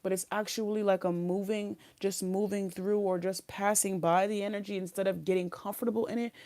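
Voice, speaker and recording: A woman's voice: medium pitch, fairly even intonation, brisk, dark tone, no room sound. A woman giving a casual tarot reading, rambling and giggly with many fillers and restarts, talking around a sore wisdom tooth. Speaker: tarot reader. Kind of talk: casual spiritual reading monologue.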